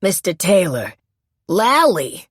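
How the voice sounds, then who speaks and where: Lady narrator doing a desperate scrappy street woman, husky, jumpy up and down voice. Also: on the low side, sing-song, slow, dry recording, studio quality, full character voice. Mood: frantic. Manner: urgent, shrieking pleas.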